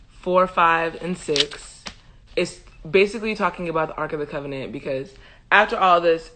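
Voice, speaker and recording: Bright, joking woman host. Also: sits low. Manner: animated, joking, laughs often, slangy asides. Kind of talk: casual Bible reading and commentary on a livestream.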